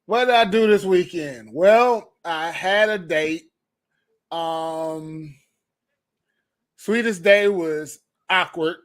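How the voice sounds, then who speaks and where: A man's voice: high-pitched, takes it slowly. A tipsy man co-hosting a podcast in casual chat, reacting with laughing disbelief. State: tipsy from drinking. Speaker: podcast co-host.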